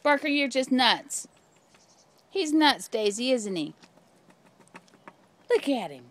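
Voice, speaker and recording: A woman's voice: high voice, sing-song, slow, a bit bright. Woman teasing her dogs playfully. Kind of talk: casual home video talking to pets.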